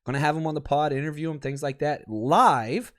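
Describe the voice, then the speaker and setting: A man's voice: fairly high pitch, brisk, fairly bright tone. A man hosting a sports podcast, ranting with big swings between outbursts and laughing asides. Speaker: podcast host. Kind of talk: fired-up sports podcast rant. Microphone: streaming podcast mic.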